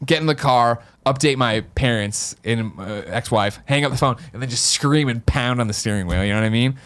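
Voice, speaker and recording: A man from the Midwest talks quickly and loosely on a podcast. He tells a long story and acts out the people in it, jumping into their voices. His pitch sits in a middle range. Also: fairly bright tone, smooth. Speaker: podcast host. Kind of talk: casual storytelling.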